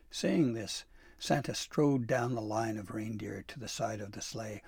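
A man reading a storybook aloud in a soft, unhurried narration, gravelly and husky. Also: on the low side, dry recording, clean studio sound.

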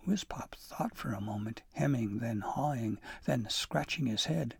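A man narrating a storybook chapter in a gentle storytelling manner. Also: medium pitch, unhurried, creaky, hardly any pauses, husky, dry recording, clean studio sound.

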